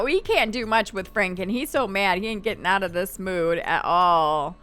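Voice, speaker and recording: A woman talks through a life-sim game in easy, chatty commentary, now and then tossing off her characters' thoughts. Her voice sits a little high and sounds bright and clean, with faint game music underneath. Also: smooth. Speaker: gaming channel host. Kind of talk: casual gameplay commentary.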